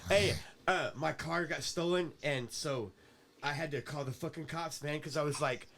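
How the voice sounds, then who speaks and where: Man, podcast guest, higher-pitched voice, rambling, profane, casual storytelling. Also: moderate pace, fairly bright tone. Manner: rambling, profane, keeps asking "right?".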